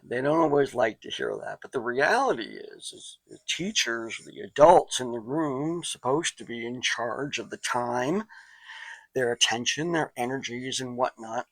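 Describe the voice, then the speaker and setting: A man's voice: mid-range voice, animated, a bit bright, no echo, low-quality recording. Conversational male psychology lecturer. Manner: conversational, digressive, with asides and quick impressions. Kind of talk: recorded college lecture.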